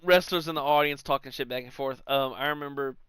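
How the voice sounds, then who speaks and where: A man's voice: medium pitch, fast, fairly bright tone, smooth, no room sound. A young man co-hosting a podcast, chatting loosely about sports and swearing freely. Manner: loose, profane, acts out quotes with laughs. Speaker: podcast co-host. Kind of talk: casual sports chat.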